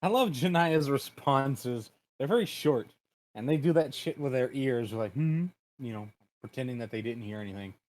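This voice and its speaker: A man running a tabletop role-playing game as game master. His voice sits in an average pitch, and he delivers narration and asides with dry, wry humor. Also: normal speed.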